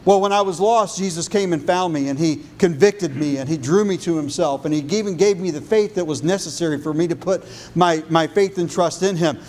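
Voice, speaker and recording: High-voiced pastor preaching. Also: male voice, brisk, few pauses. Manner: rhythmic preaching, repeating phrases, dropping low and soft for emphasis. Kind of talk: sermon.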